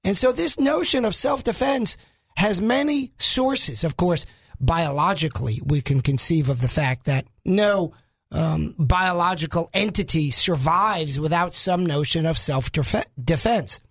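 A man's voice: on the high side, expressive, a little slow, fairly bright tone, husky. A man from New York filling in as a talk radio host in a studio, joking and self-mocking, with rambling asides.

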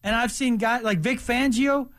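A man's voice: extremely high pitch, moderate pace, a bit bright. A man in his fifties hosting sports talk radio, emphatic and opinionated, speaking animatedly into a studio mic.

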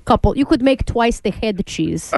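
A woman's voice: on the high side, lively intonation, gravelly, a little mellow. A woman doing a flustered Russian newscaster. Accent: mock Russian. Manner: halting, broken grammar, filler-heavy.

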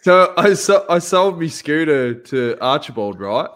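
A man co-hosting a relaxed podcast chat. He tells stories with animated energy and acts out the other people's voices in them. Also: fairly high pitch, unhurried. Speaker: podcast co-host. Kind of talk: casual storytelling chat.

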